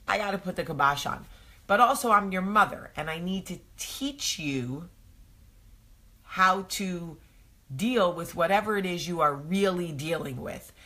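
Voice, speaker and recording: Chatty female host, deep and husky, unhurried, rambling with fillers. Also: animated, bright, forceful tone. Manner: rambling storyteller, many ums. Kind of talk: casual morning chat.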